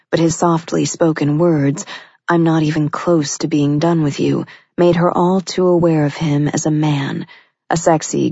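A woman narrating a romance audiobook in an even, steady storytelling manner. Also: sits low, slightly rough, no room sound. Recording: dull, lo-fi dry recording.

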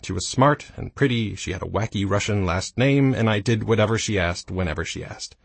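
Casting note: man in his thirties, low, husky voice, dry self-deprecating audiobook read, close and dry mic. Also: a little fast, dry recording. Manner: dry, self-mocking humor. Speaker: audiobook narrator. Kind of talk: scripted nonfiction narration.

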